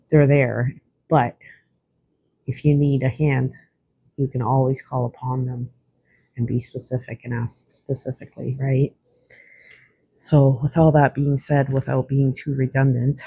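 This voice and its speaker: An oracle card reader giving a spiritual card reading in a gentle, reassuring, slightly rambling way. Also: mid-range voice, gravelly, slightly rough, dry recording.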